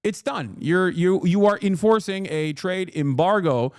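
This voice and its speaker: A man's voice: high-pitched, lively intonation, a little slow, a little mellow, no echo, studio quality. A man streaming political commentary, reacting to news clips in a profane, exasperated way and often mocking others in put-on voices.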